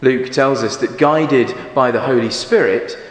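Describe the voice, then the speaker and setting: A man preaching a sermon in a church, speaking in an expressive, measured storytelling manner. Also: mid-range voice. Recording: echoey church with long reverb.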